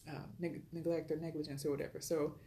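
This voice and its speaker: A woman tells a personal story at a fast clip. She sounds chatty, retells conversations and fills her speech with "like" and "you know." Her voice is mellow and sits a little low, and it echoes in the room. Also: little pitch movement, a little hiss or hum. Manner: chatty, retells dialogue, frequent fillers.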